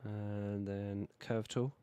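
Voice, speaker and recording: A low-pitched British man talks through a city-building game in a loose, relaxed ramble, often correcting himself mid-phrase. His voice is hoarse from a cold. The recording is close and dry. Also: drawn-out words, dry recording. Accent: British English. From Britain. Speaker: video game streamer. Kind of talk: casual gameplay commentary.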